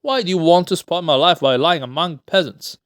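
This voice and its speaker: Man doing a brash young male swindler, arrogant and grasping, raised pitch, dry close sound, play read aloud. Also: brisk, a bit bright, dry recording, natural voice. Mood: petulant. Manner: indignant, pleading for money, brash.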